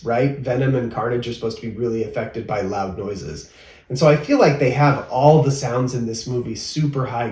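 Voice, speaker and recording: A man's voice: mid-range voice, darkish tone. A man co-hosting a casual movie review, chatty and rambling, often laughing. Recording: roomy, mic at a distance.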